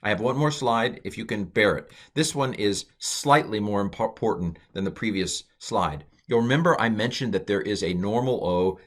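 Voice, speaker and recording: A middle-aged man teaching from slides in a loose, talky way. His voice sits a bit low but leaps high when he stresses a point, and he wanders into side remarks with plenty of ums and uhs. It sounds like a desk microphone recording. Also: moderate pace, few pauses. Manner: chatty and digressive, many uh and um fillers, stress jumps to high notes. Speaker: Hebrew teacher. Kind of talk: casual recorded lecture over slides.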